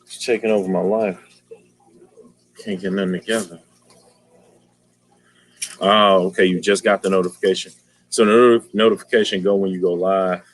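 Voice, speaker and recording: A man's voice: low-pitched, steady tone, moderate pace, long pauses. A man hosting a casual aquarium livestream, talking in slang and greeting viewers by name.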